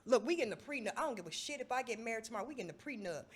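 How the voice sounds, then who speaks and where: Brash, lively-voiced woman. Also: fairly high pitch, racing, slight background noise. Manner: brash, profane, animated storytelling. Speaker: podcast co-host. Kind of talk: casual chat.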